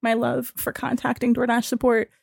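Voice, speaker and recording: A woman voicing a syrupy sweet male customer-support agent who speaks softly and gushes with affection. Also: mid-range voice, little pitch movement, quick pace, gravelly, no room sound, clean studio sound, natural voice. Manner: soft, gushing, overly affectionate.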